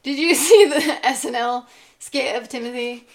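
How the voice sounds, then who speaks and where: A young woman co-hosting a podcast in casual chat, rambling with lots of fillers and animated outbursts. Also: high voice, normal speed. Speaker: podcast co-host.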